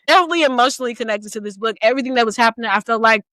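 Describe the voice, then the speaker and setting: A woman in her thirties co-hosting a podcast, chatting casually about a book in an animated, playful way and laughing often. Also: on the high side, very fast, no room sound. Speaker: podcast co-host.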